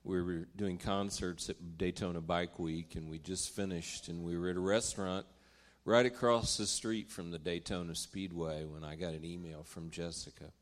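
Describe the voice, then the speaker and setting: Older preacher telling his story, low voice. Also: fairly even intonation, moderate pace. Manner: earnest storytelling. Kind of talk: testimony from the pulpit. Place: church stage.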